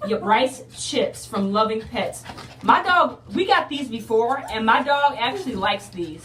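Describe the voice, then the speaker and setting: A woman's voice: on the high side, a bit bright, reverberant, recorded from a distance. A woman in a casual unboxing video, chatting to her viewers and calling them y'all. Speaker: unboxing vlogger.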